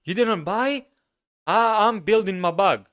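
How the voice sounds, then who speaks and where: A man's voice: high-pitched, unhurried, a bit bright, voice pushed up. A man voicing a smug, mocking friend who buys crypto coins, in a raised, incredulous tone. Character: smug young male crypto buyer.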